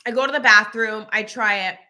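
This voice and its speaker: A young woman with a high, bright voice chats casually on her own channel. She tells a personal story in an animated, storytelling way and reads out viewer comments as she goes. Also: brisk. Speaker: channel host. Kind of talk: casual chat.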